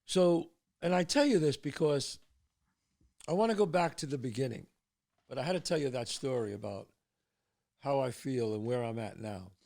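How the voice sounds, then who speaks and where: Gravelly, animated older male storyteller. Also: medium pitch, normal speed, long pauses. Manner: animated storyteller, drops to hushed tones for suspense. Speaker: podcast host. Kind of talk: casual storytelling.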